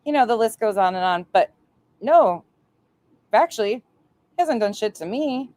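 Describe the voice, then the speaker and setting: A woman's voice: mid-range voice, expressive, moderate pace, a little mellow, no echo. A woman with a nasal voice, hosting reaction commentary with sarcastic, profane remarks. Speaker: commentary channel host.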